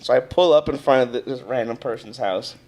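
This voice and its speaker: A young man, telling a story on a casual podcast, animated and swearing often. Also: medium pitch, a little fast. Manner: animated, swears a lot, acts out quotes loudly. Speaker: podcast co-host.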